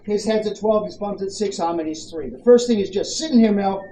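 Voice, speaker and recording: Australian dog trainer, firm quick commands, recorded from afar with a noisy outdoor background. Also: mid-range voice, warm tone. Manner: brisk commands mixed with coaching questions. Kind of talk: hands-on dog training coaching. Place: outdoors at a campground. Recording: echoey, distant, noisy outdoor ambience.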